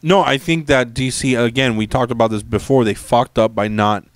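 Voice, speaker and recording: Blunt, swearing man with a smooth voice. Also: mid-range voice, fairly even intonation, normal speed, no room sound. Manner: blunt, opinionated, swears freely. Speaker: podcast co-host. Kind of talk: casual film review chat.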